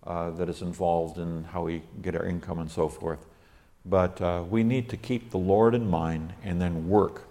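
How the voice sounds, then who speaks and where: Deep-voiced man teaching a Bible study. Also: darkish tone. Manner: scholarly, unhurried, explains Hebrew grammar.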